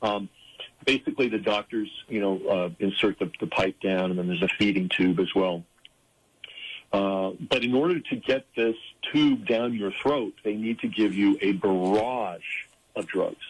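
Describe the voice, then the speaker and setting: A man with a low, husky voice talks as a guest in a conversational interview. He explains things earnestly, often pausing on fillers and restarting his sentences mid-thought. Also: low-quality recording.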